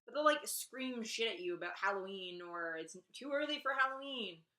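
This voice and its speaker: A woman's voice: medium pitch, animated, normal speed, pushed and bright. A young woman vlogging a casual rant, exasperated and sarcastic, swearing freely.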